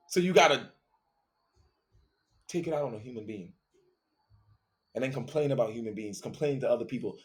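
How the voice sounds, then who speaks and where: A man's voice: a little high, fairly bright tone. A man with a slightly raised voice lectures his listeners in a profane, confrontational monologue. He preaches hard and hammers his points home with repetition. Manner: preachy, profane, confrontational, repeats phrases for emphasis. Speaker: host.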